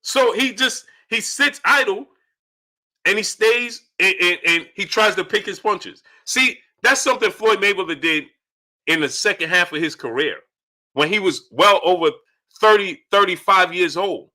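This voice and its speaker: A man hosting a live-stream boxing talk show from home, greeting viewers in chat and loudly acting out his own shouting at the screen. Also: high-pitched, lively intonation, measured pace. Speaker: boxing channel host.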